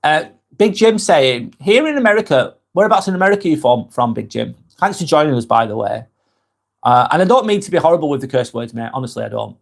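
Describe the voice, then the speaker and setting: A man hosts a live stream in a loose, conversational way. He speaks frankly, drops swear words casually without aggression, and rambles through his replies to viewers. His voice sits at an ordinary middle pitch. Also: lively intonation, quick pace, gravelly.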